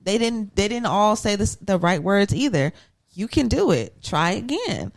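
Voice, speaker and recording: A woman's voice: medium pitch, very animated, measured pace. A woman, telling the story of a reality show episode to her co-hosts. She talks in a loose, chatty way, slips into playful voices for the people she quotes, and keeps the story moving with asides. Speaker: podcast co-host. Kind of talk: casual recap storytelling.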